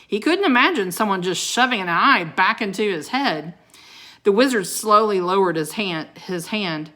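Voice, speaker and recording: A woman reading a children's book aloud with dramatic expression, pausing to show the pictures. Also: lowish voice, fairly bright tone. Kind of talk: expressive read-aloud storytelling.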